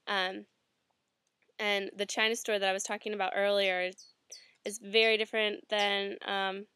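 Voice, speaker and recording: With a mid-range, level voice at a moderate pace, this young woman from the United States sounds pushed and bright, clear and resonant. A student reflecting on a personal story, she chats casually, laughing a lot and leaning on "like" and other fillers.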